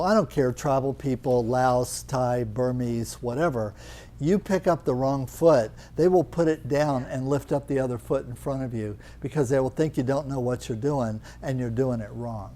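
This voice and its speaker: A man's voice: medium pitch, moderate pace, dark tone. An older man teaching a live Thai yoga class, chatty and teasing, explaining with questions to students in the room.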